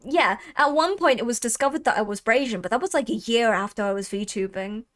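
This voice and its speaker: A young woman of Thai heritage chatting casually on a livestream, talkative and quick to laugh. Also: fairly high pitch. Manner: chatty, laughs often, trails off. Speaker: streamer.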